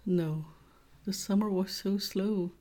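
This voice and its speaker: A woman's voice: mid-range voice, fairly even intonation, takes it slowly, darkish tone. A woman co-hosting a casual chat podcast, teasing and laughing often as she talks. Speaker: podcast co-host and author.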